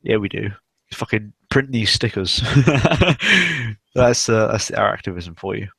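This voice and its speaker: A man's voice: on the low side, sing-song, slow, fairly bright tone, slightly rough, dry recording. A young man hosting a casual livestream chat, rambling and swearing, with many fillers. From South West England. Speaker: stream host.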